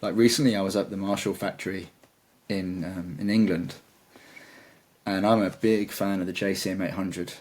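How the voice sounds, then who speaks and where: A man's voice: low-pitched, fairly even intonation, normal speed, a little mellow, a little hiss or hum. A man chatting as a guitarist guest in an interview, talking in a rambling, enthusiastic way. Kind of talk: casual interview chat.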